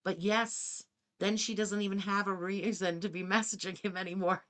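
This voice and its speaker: A woman's voice: mid-range voice, steady tone, normal speed, fairly bright tone. An English-speaking woman doing blunt, sarcastic live-stream reaction commentary, swearing freely. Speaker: streamer reacting to another creator.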